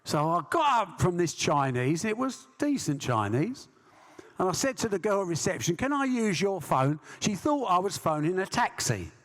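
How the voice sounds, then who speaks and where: Brash English promoter spinning yarns onstage; long hall echo. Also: male voice, high voice, big pitch swings, moderate pace, a bit bright. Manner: brash anecdotal storyteller, acts out voices. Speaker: sports promoter, interview guest. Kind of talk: storytelling interview. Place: live stage event.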